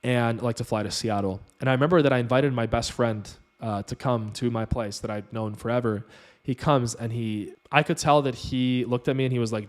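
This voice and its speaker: A man's voice: mid-range voice, fairly even intonation, a little fast. A man telling his own story to camera on his channel, earnest and rambling, full of fillers. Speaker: channel host.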